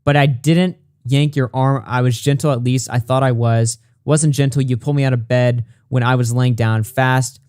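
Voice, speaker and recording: A man's voice: medium pitch, steady tone, a little mellow, clear, resonant tone, dry recording, studio quality. A man hosting a commentary show, reading messages and reports aloud and reacting bluntly, with plenty of swearing. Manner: blunt, profane, reads texts quickly. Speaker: commentary channel host.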